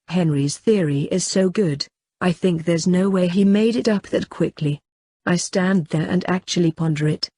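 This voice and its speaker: A woman narrating an audiobook in a steady first-person reading. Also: on the low side. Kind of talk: scripted narration.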